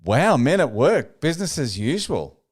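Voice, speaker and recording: A man's voice: medium pitch, very animated, moderate pace, a little mellow, breathy edge. A man hosting an interview, asking questions in a casual, hesitant way with many "uh"s. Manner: hesitant, frequent "uh" and restarts. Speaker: interview host.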